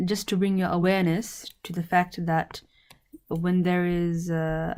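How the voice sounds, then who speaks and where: Woman slowly teaching Arabic grammar. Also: fairly low pitch, darkish tone. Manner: slow, deliberate, repeats each word with its translation. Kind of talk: explaining Arabic grammar in English.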